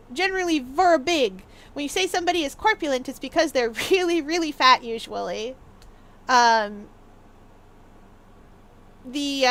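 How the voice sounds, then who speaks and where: A gaming streamer with a sharp tone and a voice that sits high chats playfully with her viewers while live streaming a game. She laughs a lot and fills her speech with ums.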